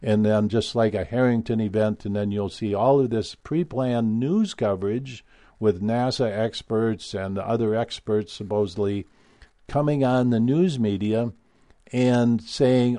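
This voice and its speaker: A man's voice: lowish voice, a little slow, warm tone, dry recording, clean studio sound. A man giving an opinionated, rambling monologue with many fillers and restarts. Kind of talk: casual monologue.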